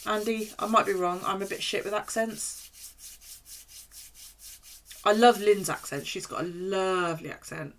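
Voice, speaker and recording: A woman's voice: mid-range voice, steady tone, measured pace, long pauses. A woman streamer chatting casually and rambling, with frequent swearing, during a live stream from home.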